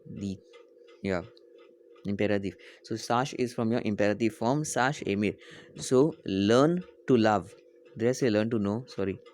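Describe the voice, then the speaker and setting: A male teacher reading a French poem aloud slowly, repeating each line and translating it, often correcting himself. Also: lowish voice, darkish tone, slight background noise.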